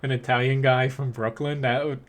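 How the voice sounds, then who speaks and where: A man with a Philadelphia accent, chatting casually while streaming a tank game, rambling with lots of fillers and quick laughs. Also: medium pitch, level tone. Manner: rambling, filler-heavy, laughs between thoughts. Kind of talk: casual live-stream commentary.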